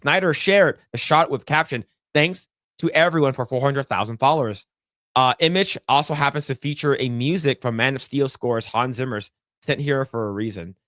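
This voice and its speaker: A podcast co-host chats casually in a clean studio recording with no room sound, speaking at normal speed. He's animated and profane, suddenly jumping into a much higher voice when acting out reactions.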